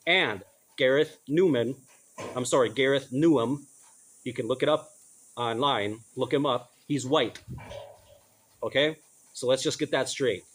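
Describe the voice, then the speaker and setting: A man's voice: medium pitch, a little slow, pauses often, husky. A middle-aged man giving blunt, casual commentary, stumbling over names and correcting himself as he goes. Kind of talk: casual commentary reading news aloud.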